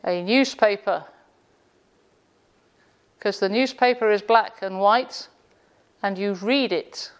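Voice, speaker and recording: A woman's voice: mid-range voice, slow, long pauses, clear, resonant tone. A woman giving a classroom lecture with jokes, sarcastic and quizzing her audience in a room. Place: indoor room with a live audience.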